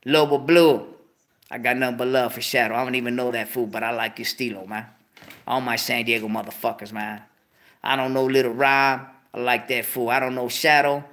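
A man hosting his own show, ranting casually to viewers in street slang, cursing heavily, with animated outbursts. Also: mid-range voice, a little fast. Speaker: show host. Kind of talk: casual profane rant to viewers.

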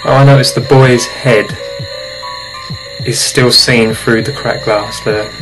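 This let's-play host plays a horror game with jokes and jumpy reactions to the frights, horror music running in the background. His voice is mid-range and steady, he takes his time, and the recording is rough.

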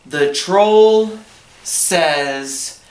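A man's voice: on the high side, extremely slow. A man teaching an English lesson, asking simple questions about a story and then answering each one in plain words. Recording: echoey room, voice from a distance.

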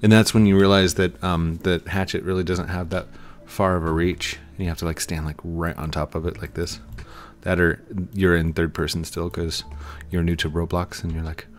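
A man's voice: sits low, level tone, moderate pace. A man giving casual, playful commentary while playing a game, acting out little scenes and sound effects. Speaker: gaming YouTuber.

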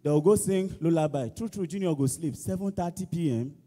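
A Nigerian man doing animated stand-up comedy in Pidgin and English, acting out school songs and shouted lines. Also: a little high, fairly quick. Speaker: comedian contestant. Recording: reverberant church hall.

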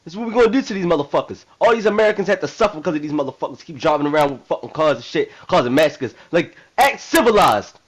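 A man's voice: on the high side, animated, fast talker, few pauses, poor audio. A man voicing a brash, hot-tempered male president in a video game role-play drama, rambling in profane street slang. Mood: defiant.

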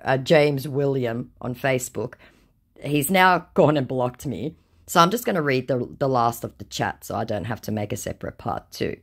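A woman's voice: extremely low pitch, lively intonation, normal speed, husky. A woman hosting a scambaiting channel, reading chat logs aloud with dry, sardonic, offhand commentary.

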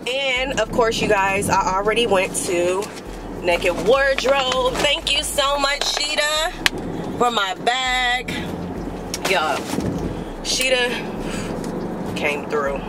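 A woman's voice: fairly high pitch, lively intonation, takes it slowly, long pauses, roomy sound, noisy background. A young woman from Los Angeles with an LA accent, chatting casually to camera in a vlog and calling her viewers y'all. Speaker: vlogger.

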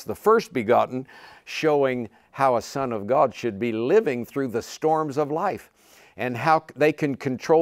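A man preaching a sermon, telling a Bible story with lively acted-out quotes and sudden loud cries. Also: mid-range voice, no echo, clean studio sound. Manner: animated, acts out quotes with sudden shouts and laughs.

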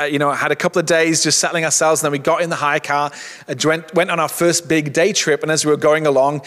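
Male pastor, middle-aged, slightly high voice, chatty sermon delivery full of restarts, long reverb. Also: fairly bright tone. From England. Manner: conversational, many restarts and "you know".

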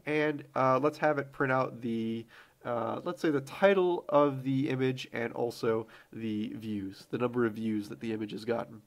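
A man hosting a screen-recorded programming tutorial, relaxed and thinking aloud with fillers as he types code. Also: medium pitch, normal speed, gravelly.

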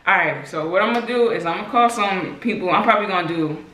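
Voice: mid-range voice, fast, sharp tone. Playful young vlogger in an echoey room. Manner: playful, laughing, making up rambling nonsense stories. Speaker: channel host. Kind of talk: casual vlog chat and prank phone calls. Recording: echoey room, faint hiss.

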